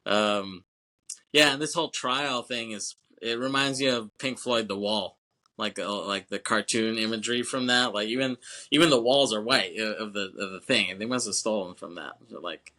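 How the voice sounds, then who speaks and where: Dude rambling on a movie podcast, lowish voice but bright and punchy, lots of "you know what i'm saying", swears a bit. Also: male voice, moderate pace. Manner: swears casually. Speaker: podcast co-host. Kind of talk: casual film podcast chat.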